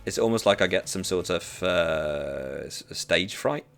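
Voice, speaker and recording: A man's voice: low-pitched, animated, measured pace, fairly bright tone, soft background music. A Norwegian man who learned British English chats casually while gaming on stream, hesitant, with many fillers and restarts. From Norway. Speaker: streamer, teacher.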